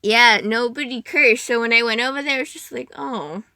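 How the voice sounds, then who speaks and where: Bright, giggly young woman rambling. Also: fairly high pitch, normal speed, dry recording. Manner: rambling, giggly, self-interrupting. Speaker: podcast guest. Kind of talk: casual chat.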